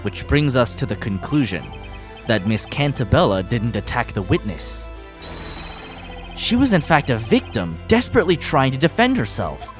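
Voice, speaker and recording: A woman streaming a game, reading the dialogue aloud with drama and bursting into excited shrieks. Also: very deep voice, normal speed, music in the background. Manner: reads lines dramatically, breaks into loud excited shrieks and laughter. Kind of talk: live-stream game playthrough with voiced lines.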